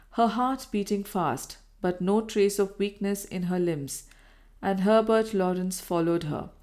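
A woman narrating a Victorian novel as an audiobook, in a measured storytelling manner. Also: medium pitch, a little mellow. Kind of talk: scripted narration.

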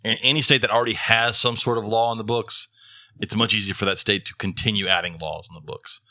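Quick, bright-voiced man hosting. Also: fairly low pitch, fairly even intonation, no room sound. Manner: joking, teasing. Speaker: podcast host. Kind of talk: casual chat.

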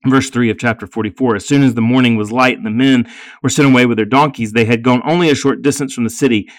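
A man's voice: medium pitch, steady tone, no echo. Man reading scripture, dry close mic. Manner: slow, deliberate reading with short asides.

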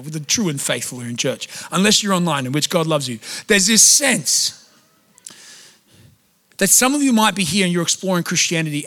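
A pastor preaching a sermon in a chatty, humorous way, with lively storytelling. His voice sits high and sounds bright. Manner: conversational and humorous, animated storytelling.

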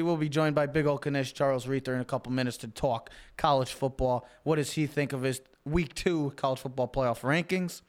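A man's voice: medium pitch, steady tone, brisk, hardly any pauses. A man hosting a sports talk show, chatting casually, blunt and emphatic, laughing often. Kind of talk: casual sports radio chat.

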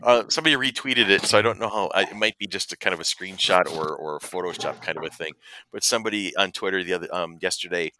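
A man's voice: low-pitched, fast talker, sharp tone, a little hiss or hum. A man co-hosting a casual podcast, joking around, laughing often and stumbling over repeated words. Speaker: podcast co-host.

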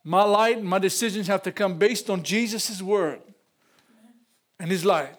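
A man's voice: high voice, a little slow. Older man preaching an emotional sermon. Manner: emotional, repeats phrases, rises to loud peaks. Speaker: pastor. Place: church.

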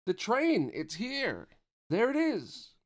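A man voicing a restless teenage boy who grumbles and gets excited easily. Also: medium pitch, normal speed, lightly acted. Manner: complaining, excitable.

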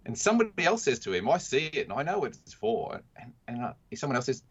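A man's voice: mid-range voice, big pitch swings, fast, few pauses, slightly rough. A man, a mindset consultant, telling a story in casual conversation and acting out the quotes in a raised voice. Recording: dull lo-fi sound.

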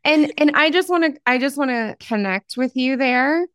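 A middle-aged woman from Southern Ohio hosting a podcast, talking in an effusive, expressive way. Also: high-pitched, moderate pace, dry recording, clean studio sound. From Southern Ohio, Appalachia. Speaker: podcast host. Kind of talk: conversational interview.

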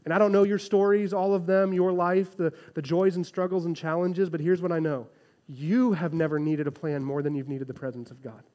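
A man in his thirties delivers a sermon, his voice sitting a little high for a man. He preaches in an animated, conversational way, keeps checking in with his listeners, and swings between quiet moments and bursts of energy. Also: fairly quick, lo-fi sound. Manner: animated, conversational preaching with frequent "right?" asides. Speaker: pastor.

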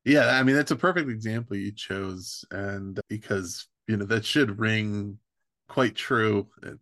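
A man hosting a podcast interview, talking in a thoughtful, measured way. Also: on the low side, a bit bright, no echo, studio quality. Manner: thoughtful, measured, with fillers like "right" and "you know". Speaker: podcast host.

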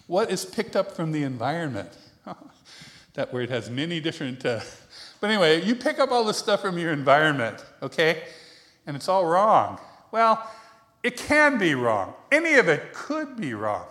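A man's voice: on the high side, sing-song, moderate pace, a bit bright. A man giving a conversational sermon to a congregation, chatty and self-deprecating, laughing often and asking the room questions. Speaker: preacher.

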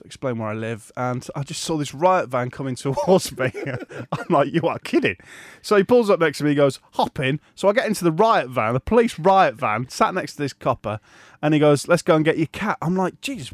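Podcast co-host, middle-aged, lively storyteller, dry close sound, swoops in pitch. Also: male voice, no echo. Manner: animated anecdote-telling, laughs often, acts out quoted voices. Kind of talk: casual storytelling chat.

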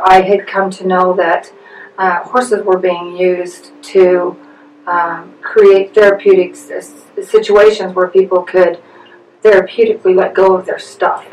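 Hesitant woman guest, distant and roomy. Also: medium pitch. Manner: hesitant, many "um"s and restarts. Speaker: interview guest, business partner. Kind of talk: conversational explanation. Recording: distant, roomy mic with faint noise.

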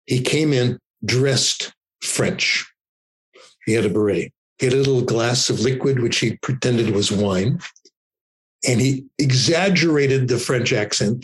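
An older American man explaining his views on language learning in a relaxed, wandering way, often checking in with "okay?". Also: medium pitch, breathy edge, rough recording. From United States. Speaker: guest, language researcher. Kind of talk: conversational explanation.

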